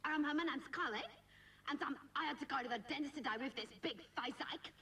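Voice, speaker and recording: A woman's voice: high-pitched, a little fast, sharp tone, soft background music. Bratty Aussie schoolgirl. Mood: cheeky gossip. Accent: Australian. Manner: chatty, whiny, gossipy, full of "you know". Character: cheeky bratty teenage schoolgirl. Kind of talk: sketch comedy monologue. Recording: distant noisy TV recording.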